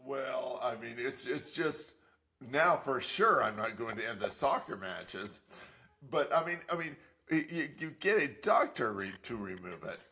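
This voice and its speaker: A man's voice: mid-range voice, lively intonation, a little slow, sharp tone. An older man co-hosting a podcast, telling a story in a rambling, hesitant way with lots of fillers. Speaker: podcast co-host. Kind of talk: casual comedic chat.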